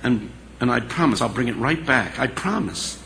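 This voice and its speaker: A man voicing a lonely, hurt middle-aged woman who speaks softly and pleadingly, in a hall with a long echo. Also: medium pitch, lively intonation, normal speed, creaky. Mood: timid pleading. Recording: long hall reverb, faint hiss.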